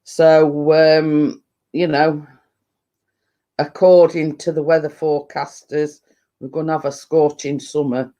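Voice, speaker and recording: Rambling deep-voiced Yorkshire woman. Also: dark tone. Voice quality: a bit deep. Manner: rambling, full of fillers and restarts. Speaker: livestream host. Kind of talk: casual live chat.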